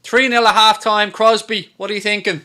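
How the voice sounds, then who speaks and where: High, bright-voiced sweary man. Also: little pitch movement, fairly quick, clean tone. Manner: ranting, sweary, sarcastic at trolls. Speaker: host of a football watchalong stream. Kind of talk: live stream chat.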